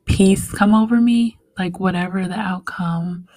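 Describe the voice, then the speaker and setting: A young woman, a podcast guest, telling a personal story in a soft-spoken, heartfelt way with many fillers. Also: medium pitch, steady tone, a little slow, no echo, low-quality recording.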